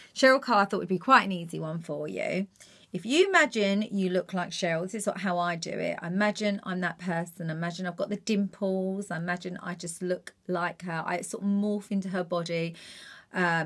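Geordie woman impressionist, bright and chatty, coaching a pupil. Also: on the low side. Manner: chatty and encouraging. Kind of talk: impressions tutorial.

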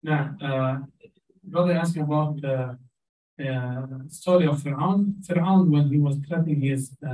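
A man's voice: fairly high pitch, dark tone. A man with an Arabic accent, speaking Arabic natively, teaches Quranic Arabic in an informal lecture, earnestly restarting his phrases as he goes. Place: community center hall. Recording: echoey hall, from far off.

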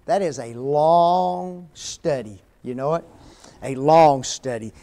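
An older man preaching a sermon in a church, folksy and conversational, often asking the congregation questions and reading scripture slowly with emphasis. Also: a little high, mellow. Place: church sanctuary.

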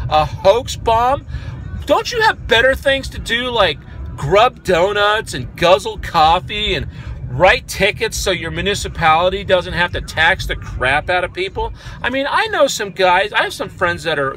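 Bright, sharp-voiced American guy venting in his car, sarcastic and fired up. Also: sits high. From United States. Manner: angry, sarcastic, loud outbursts. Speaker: vlogger. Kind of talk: ranting commentary.

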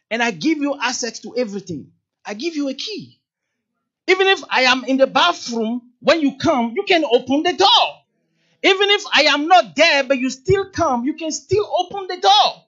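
Lively, emphatic male church elder preaching. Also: very high-pitched. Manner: lively preaching, rising to emphatic peaks, acts out quoted dialogue. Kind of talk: sermon. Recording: dull, lo-fi sound.

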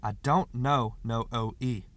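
Stern, sharp-tongued rural wife, cold and scolding, a touch loud; a man reads her. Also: mid-range voice, animated, normal speed, dry recording, close to an everyday voice.

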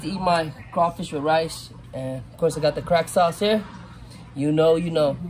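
Middle-aged male vlogger, high voice, laid-back and savoring, faint outdoor hiss behind. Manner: relaxed, savoring food with drawn-out mms. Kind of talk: casual cooking vlog talk. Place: outdoors at a campsite.

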